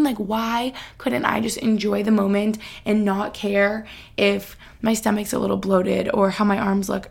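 Emotional young woman chatting, gravelly. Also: mid-range voice, little pitch movement, normal speed, a little mellow. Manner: chatty, emotional, heavy use of "like". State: close to tears. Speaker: podcast host. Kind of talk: casual chat, reading her own post aloud.

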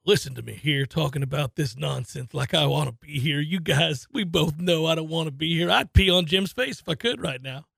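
Man doing a grumbling, sheepish college official, muttering, gravelly edge, dry close sound. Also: on the high side, fairly quick, few pauses, dry recording, voice pushed down, exaggerated voice. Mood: sheepish, bitter. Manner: muttering confession, drops to a hush. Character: sheepish male athletic director secretly hating his league.

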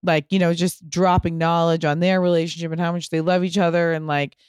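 A woman in her thirties hosting a podcast, telling stories in an animated way and swearing casually. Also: on the low side, a little fast, clear, resonant tone, no room sound, clean studio sound. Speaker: podcast host. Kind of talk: casual chat.

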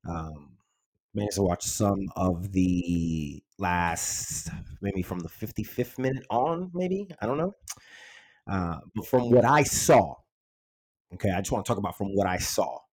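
Man, hoarse raspy voice, excited, swears a lot, heated football chat. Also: low voice, a little slow, poor audio. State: hoarse from yelling. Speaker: podcast co-host, City fan. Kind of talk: heated casual football debate.

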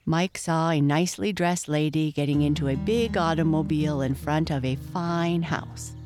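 A woman narrating a children's story in a steady, clear reading voice. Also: low-pitched, normal speed. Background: faint guitar music.

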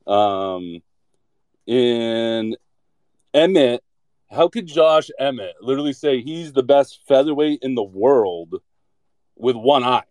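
A man's voice: medium pitch, animated, slow, pauses often, darkish tone, dry recording. A man chatting casually and bluntly, rambling with lots of filler words and jokes. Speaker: podcast segment contributor. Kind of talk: casual chat.

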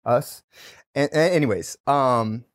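A man in his thirties sits in as a podcast guest and tells stories at an easy pace. His voice sits at an ordinary middle pitch. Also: slow. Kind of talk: casual chat.

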